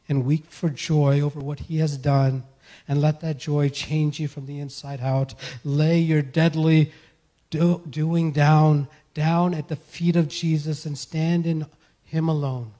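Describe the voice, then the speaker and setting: A male pastor delivering a sermon, earnestly pleading with his listeners and letting his lines fall soft at the close. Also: a little high. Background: soft guitar music.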